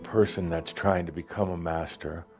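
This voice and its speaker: A man as a spiritual teacher giving a guided meditation talk in a slow, measured, reassuring cadence. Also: low voice, steady tone, over music.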